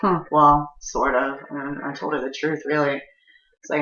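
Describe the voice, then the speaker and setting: Woman storyteller, casual and foul-mouthed, rambling; low voice with a tense edge, slightly muffled roomy recording. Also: flat delivery, normal speed, bright, forceful tone. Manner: profane, rambling, frequent fillers.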